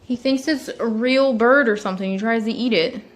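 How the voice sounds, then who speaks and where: A young woman casually introducing her pet cats at home, chatty, sometimes slipping into high baby talk for them. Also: moderate pace, slight background noise. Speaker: vlogger. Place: home, indoors.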